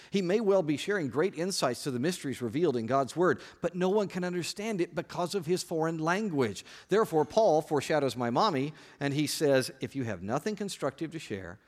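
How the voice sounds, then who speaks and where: A male pastor preaching a sermon to his congregation from a church stage, joking and lively, often restarting his sentences. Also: on the high side.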